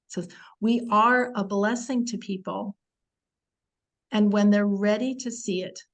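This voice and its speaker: A woman teaching the weekly Torah portion in a chatty, animated way, acting out quotes and using many fillers. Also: mid-range voice, rough recording.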